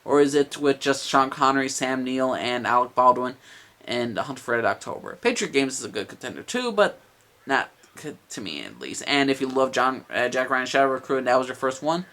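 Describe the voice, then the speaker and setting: A man's voice: medium pitch, expressive, brisk, bright, forceful tone. A man giving a casual movie review, enthusiastic and rambling, with lots of "uh" and "like". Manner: enthusiastic, rambling with many fillers.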